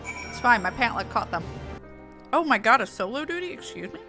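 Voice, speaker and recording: Excitable bright-voiced woman streamer. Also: fairly high pitch, brisk, faint music behind. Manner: excitable, chatty, swears. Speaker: game streamer. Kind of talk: casual gaming stream commentary.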